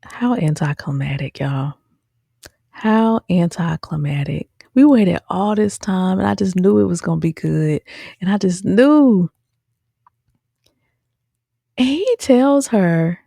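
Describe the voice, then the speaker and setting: A woman's voice: medium pitch, unhurried, gravelly, no room sound, clean studio sound. A woman hosting a show review, chatting casually and animatedly to her viewers. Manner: chatty, addresses viewers directly as "y'all"; animated, with frequent "um" and "okay?". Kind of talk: casual commentary.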